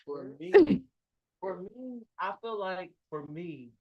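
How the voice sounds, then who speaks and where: Man, slightly high voice, halting, reflective, casual chat. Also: very animated, creaky, lo-fi sound, a crowd in the background. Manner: halting, reflective, restarts his thoughts. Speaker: performer, podcast co-host.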